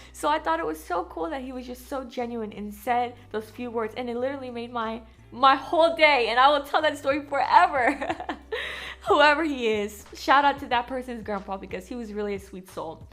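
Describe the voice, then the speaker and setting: A young American woman chatting casually to camera in a vlog, talkative and animated with lots of fillers. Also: high-pitched, normal speed, faint music behind. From United States. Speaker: vlogger.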